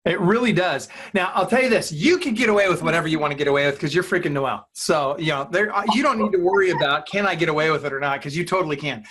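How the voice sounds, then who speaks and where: A man's voice: fairly high pitch, quick pace, hardly any pauses, a bit bright. A man coaching real estate agents in an interview, talking emphatically and acting out client dialogue.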